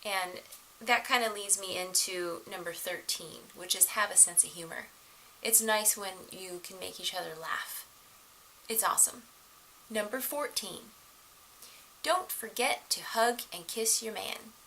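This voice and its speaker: A middle-aged woman giving casual relationship advice to the camera, animated and laughing often as she acts out the voices of others. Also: mid-range voice, a little slow, slight background noise, poor audio.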